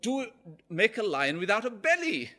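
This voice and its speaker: A man doing a shrill, panicky man howling. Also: big pitch swings, normal speed, bright, forceful tone, exaggerated voice. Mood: pleading. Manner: shrill, squealing protests.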